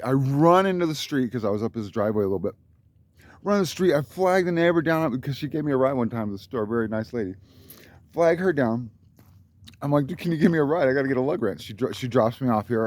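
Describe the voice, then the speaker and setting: A man's voice: mid-range voice, a little mellow, dry recording. A man telling a rambling, profane story about his life, boastful and worked up. His voice jumps up when he quotes other people. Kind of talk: rambling monologue.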